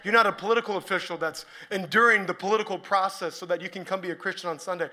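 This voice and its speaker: A man preaching a sermon to a church, joking with the crowd and building up to shouted points. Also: high-pitched, racing. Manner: energetic, joking, rising to shouted emphasis. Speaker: pastor.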